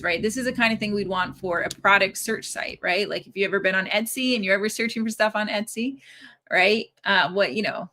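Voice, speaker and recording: Upbeat woman in her thirties, live coding teacher, crisp clear voice, keeps checking in with "right?". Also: medium pitch, bright, forceful tone. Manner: chatty, upbeat, often tags "right?". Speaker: developer advocate teaching a live stream.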